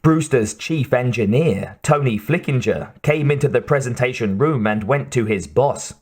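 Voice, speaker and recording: A man narrating an audiobook in a measured, steady way. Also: mid-range voice, slightly rough. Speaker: audiobook reader.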